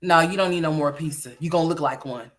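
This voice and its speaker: A woman's voice: low-pitched, quick pace. A woman hosting a casual livestream, chatting with viewers and turning to talk to her son at home. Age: adult parent. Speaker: livestream host.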